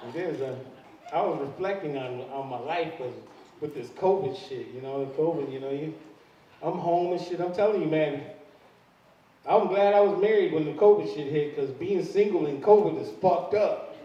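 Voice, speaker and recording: In a live club, an older comic tells crude stories and acts out the voices of the people in them, drawing audience laughter. His voice is on the high side with a dark tone at a moderate pace, captured in a distant, very echoey, dull lo-fi recording.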